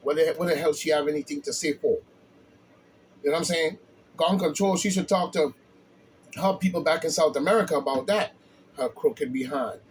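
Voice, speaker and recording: A man giving blunt, heated opinion commentary, often stumbling and restarting, with a steady stream of filler phrases. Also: a little high, normal speed, long pauses, slight background noise, rough recording.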